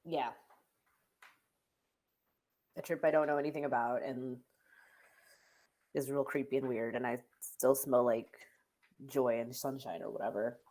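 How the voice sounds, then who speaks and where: A woman plays a tabletop game in a low, mellow voice. She banters casually in character, hesitating often and filling her sentences with filler words. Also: steady tone, unhurried, pauses often.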